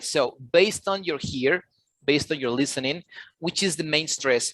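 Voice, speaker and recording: A man running an English class, speaking patiently and repeating his points as he quizzes his students. His voice sits a bit high for a man, and the sound is close and dry with no room to it. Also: a little slow, a bit bright, dry recording. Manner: switches into Spanish to explain. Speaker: English teacher. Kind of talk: online class lesson.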